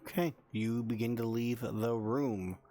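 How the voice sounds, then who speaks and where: A man running a tabletop role-playing game as dungeon master, narrating calmly with frequent pauses. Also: mid-range voice. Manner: calm, measured, with frequent 'um's.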